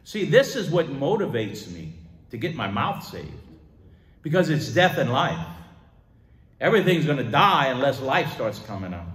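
A man pastor preaching a sermon, moving between loud emphatic declarations and quiet asides. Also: medium pitch, far from the mic. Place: church sanctuary. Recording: echoey church hall.

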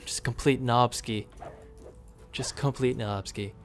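A man's voice: medium pitch, slow pace, faint music behind. A man giving casual commentary over his own gameplay, chatting to the screen and coaxing the units along. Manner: chatty, talks to the game units, sudden excited outbursts. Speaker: gaming video creator.

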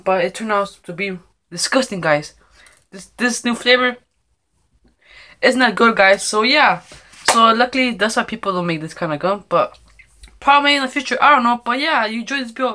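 A woman's voice: a little high, sharp tone. A woman vlogging a DIY food experiment at home into a phone camera, rambling and tacking guys or bro onto every sentence. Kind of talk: casual DIY food vlog.

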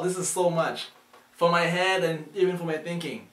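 A man's voice: a little high, lively intonation, unhurried. A young man, a student, hosting a reaction video in a casual and enthusiastic way. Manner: enthusiastic, chatty. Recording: echoey room, far from mic.

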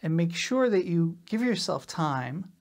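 A woman drum teacher explaining rudiments in a relaxed, casual way, often checking in with "right?". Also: lowish voice, a little slow, slight background noise. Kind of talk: casual instructional talk.

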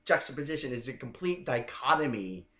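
A man explaining his coaching methods in a loose, chatty interview, tossing in "right?" to keep his listener with him. His voice sits at a middle pitch for a man and carries around a roomy, echoing space. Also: very animated, fairly quick, fairly bright tone. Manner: chatty, keeps checking in with "right?". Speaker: dating coach guest. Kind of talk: casual interview talk.

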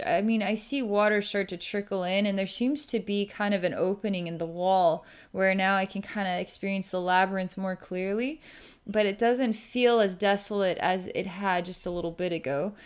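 Smooth-voiced woman narrating psychic visions. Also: mid-range voice. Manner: halting, searching, describes visions as they come. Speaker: psychic healer. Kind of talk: narrating a distance healing vision.

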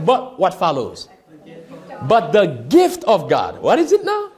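A man's voice: high-pitched, wildly swooping pitch, measured pace, a little mellow. A man preaching a sermon as pastor, reading scripture aloud and often asking the listeners questions in call-and-response.

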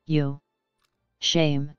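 A woman's voice: low voice, flat delivery, extremely slow, smooth, dry recording, voice pushed down. Woman reading as an outraged male warrior. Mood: scornful. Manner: roaring, indignant. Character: furious male fighter, defiant and shamed. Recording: dull lo-fi audio with faint music.

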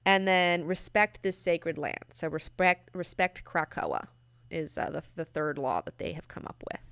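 A woman hosting a casual comic book review, talking in an excitable, gushing way and swearing freely. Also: low-pitched, measured pace, vocal fry, clean tone, dry recording.

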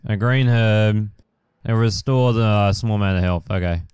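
Low, smooth-voiced young man gaming. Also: normal speed, darkish tone, dry recording. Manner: rambling with many fillers and casual swearing. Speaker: gaming channel host. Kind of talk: casual let's-play commentary.

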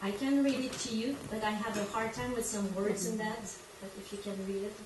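A woman's voice: on the high side, fairly even intonation, brisk. A woman from Quebec with a French Canadian accent and French as her first language, giving an informal presentation and sometimes searching for English words. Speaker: guest presenter. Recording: echoey room from far off, background noise.

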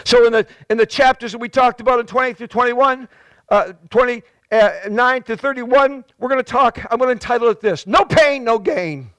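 A male pastor with a New England accent preaching a fervent sermon, stacking repeated words and swelling into shouts. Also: fairly even intonation, normal speed, no echo. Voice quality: high-pitched and impassioned, repeating words as he builds.

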